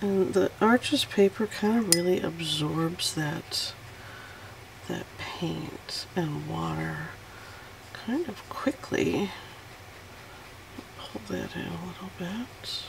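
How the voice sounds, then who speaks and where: A woman's voice: on the low side, slow, vocal fry, pauses often, noisy background. A woman hosting a casual watercolor tutorial, chatty and self-deprecating as she narrates each painting step.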